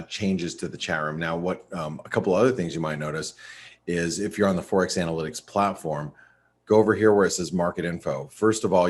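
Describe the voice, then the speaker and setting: There's a little background noise under this man's low voice as he runs a live trading webinar. He yawns and rambles wearily through his screen-share walkthrough, restarting often and leaning on fillers.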